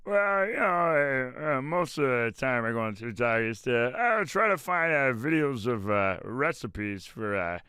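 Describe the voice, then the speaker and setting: A man's voice: medium pitch, animated, measured pace, few pauses, bright, forceful tone, smooth, no echo, voice pushed up. A man doing a whiny New sitcom guy. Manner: nasal, hesitant, whiny. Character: whiny middle-aged male sitcom comedian.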